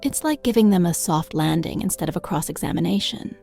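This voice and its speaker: A woman's voice: fairly low pitch, expressive, a little fast, creaky, mellow, faint music behind. A woman narrating a scripted self-help video in a friendly, conversational advice-giving way.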